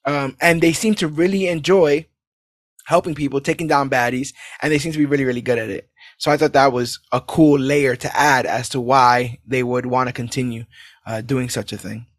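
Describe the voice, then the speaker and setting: A man recapping a movie in casual podcast chat, animated and laughing as he acts out lines. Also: mid-range voice, moderate pace, no room sound, clean studio sound. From New York City. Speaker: podcast co-host.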